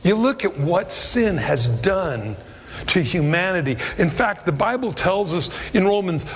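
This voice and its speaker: A man's voice: high voice, big pitch swings, measured pace. A middle-aged man preaching a sermon in a conversational, storytelling way. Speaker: pastor. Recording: long hall reverb.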